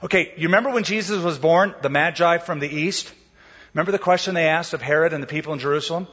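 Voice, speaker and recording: A man's voice: fairly high pitch, fast talker, a bit bright, breathy edge, in a large hall, muffled recording. A man preaching a sermon, explaining scripture in a casual storytelling way and acting out the quotes. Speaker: pastor.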